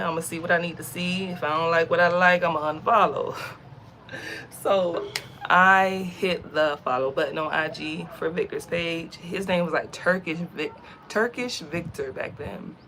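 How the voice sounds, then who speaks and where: A woman's voice: lowish voice, a little hiss or hum. A young woman from the States telling a story in a chatty, slangy vlog, outdoors. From United States. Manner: chatty, animated, uses slang. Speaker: vlogger.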